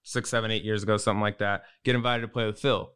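A man co-hosting a casual chat show, telling a golf story with easygoing, quick reactions. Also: lowish voice, little pitch movement, a bit bright, clean tone. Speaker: podcast co-host.

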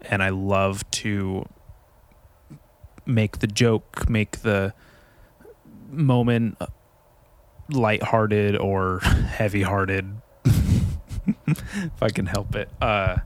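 A man's voice: on the low side, steady tone, drawn-out words, long pauses, no echo. A man hosting his own podcast in casual chat, joking and mischievous, rambling as he talks. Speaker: podcast host.

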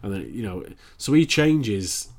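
Laid-back man, low voice. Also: measured pace. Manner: relaxed, loose phrasing with restarts. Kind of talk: casual chat.

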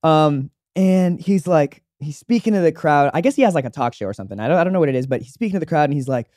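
A man's voice: a little high, lively intonation, fast, hardly any pauses, a little mellow, no room sound, clean studio sound. A young man co-hosting a podcast, chatting casually, rambling and laughing as he talks. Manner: rambling, laid-back, laughs while talking. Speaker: podcast co-host. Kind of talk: casual chat.

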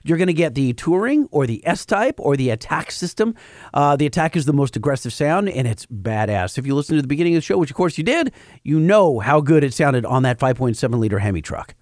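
A man co-hosts a casual podcast, teasing his partner and pushing the banter along in a playful way. His voice is a bit high and very lively in pitch. The recording is dry and close. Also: brisk, dry recording. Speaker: podcast co-host. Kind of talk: casual chat and host-read ads.

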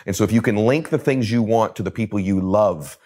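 A man's voice: fairly low pitch, brisk, darkish tone. A man in his forties, a guest on a podcast interview, telling a personal story with emphatic repetition and vivid storytelling. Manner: emphatic, repeats phrases for effect. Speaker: guest, motivational speaker.

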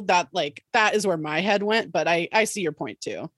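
A woman's voice: lowish voice, moderate pace, few pauses, no room sound, studio quality. A young woman co-hosting a podcast, chatting casually about a TV episode and acting out the characters' lines with frequent laughter. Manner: animated, acts out characters' lines, laughs often. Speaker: podcast co-host. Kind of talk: casual chat recapping a TV show.

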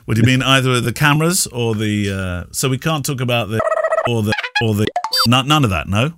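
A man's voice: medium pitch, animated, a little fast, very noisy. A man hosting a podcast, chatty and rambling, with lots of laughs and restarts. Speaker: podcast host. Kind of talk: casual chat.

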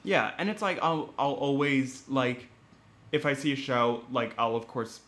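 A man's voice: mid-range voice, measured pace, fairly bright tone. A young man co-hosting a podcast, in casual chat, joking and laughing often. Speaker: podcast co-host and stand-up comic.

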